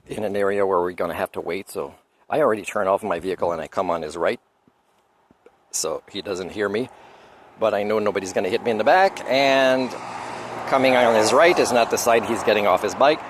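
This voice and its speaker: Low-voiced man with a French accent. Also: noisy background. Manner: opinionated, digressive, chuckles often. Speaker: vlogger. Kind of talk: rambling roadside monologue. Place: outdoors by a road, on a motorcycle trip.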